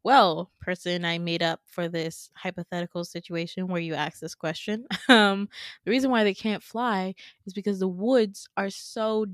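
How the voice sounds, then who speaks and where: A woman's voice: fairly low pitch, steady tone, moderate pace, no room sound, studio quality. A woman hosting a podcast, retelling a dream in a chatty, casual way with lots of fillers. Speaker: podcast host.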